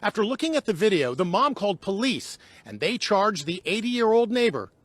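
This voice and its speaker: A man with a higher, animated voice delivers a TV news report. He narrates in measured sentences and puts short questions to the people he interviews. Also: no room sound.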